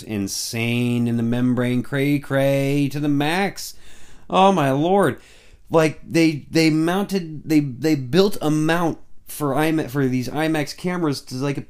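A man vlogging casually about upcoming films, excitable and quick to get worked up, with lots of fillers. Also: mid-range voice. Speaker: movie fan vlogger.

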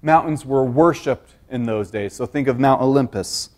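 A man's voice: mid-range voice, normal speed, darkish tone. A man preaching a sermon, teaching earnestly with rhetorical questions and frequent restarts.

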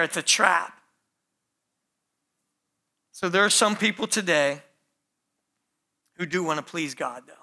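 A man's voice: sits high, bright, forceful tone. A middle-aged man preaching a sermon, calling the congregation "church" and acting out the pleas of the people he describes. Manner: emphatic preaching, often addresses the congregation as "church", acts out quoted pleas. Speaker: pastor.

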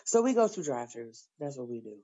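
A woman with a low voice tells stories in a casual group chat. She is blunt and heavy on profanity, and her voice jumps up when she acts out scenes. The sound is slightly dull and lo-fi. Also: fast talker. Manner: blunt, profane, animated storyteller.

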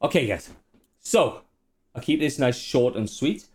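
A man's voice: medium pitch, lively intonation, unhurried, darkish tone, slightly rough. A man running a tabletop role-play stream, chatting casually and swearing often. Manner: sweary, rambling, frequent fillers. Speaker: game master. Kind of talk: casual chat and reading lore aloud.

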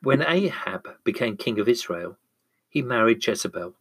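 A man reading a bible story aloud in a steady storybook manner. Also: mid-range voice, normal speed, husky. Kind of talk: scripted narration of a bible story.

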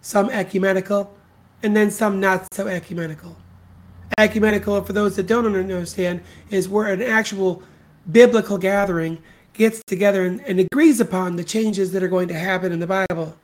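Delivering a one-person commentary rant, this adult podcast host keeps a steady tone, medium pitch and moderate pace. The delivery is crude and contemptuous, driving points by saying insults and arguments again and again.

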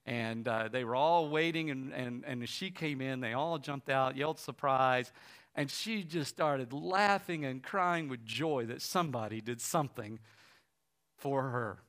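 Pastor, man, mid pitch, storytelling sermon with quoted dialogue and a hushed closing appeal. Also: measured pace. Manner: retells a story with lively quoted voices, quiet and soft at the close.

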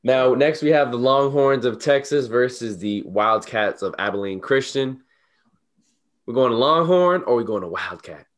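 A man's voice: mid-range voice, expressive, normal speed. A man co-hosting a podcast in casual chat, laid-back and agreeable as he moves the talk along. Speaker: podcast co-host.

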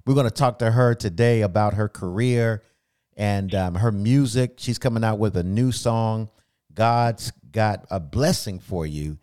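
A man's voice: on the low side, measured pace, mellow, clean tone. A man hosting a gospel radio interview, enthusiastic and emphatic, preaching a little as he talks and often repeating himself. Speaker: radio host.

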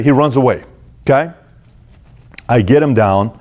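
A man's voice: medium pitch, unhurried, darkish tone. A middle-aged man leads a motivational monologue as host. He speaks emphatically and directly, turning to his listeners often as he recounts a story. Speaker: show host.

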